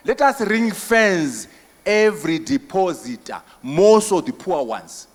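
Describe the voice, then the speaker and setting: A Zimbabwean man giving a conference keynote and answering questions, emphatic and forceful, with repetition and rhetorical questions. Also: a little high. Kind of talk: impassioned conference speech. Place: large conference hall. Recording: long hall reverb.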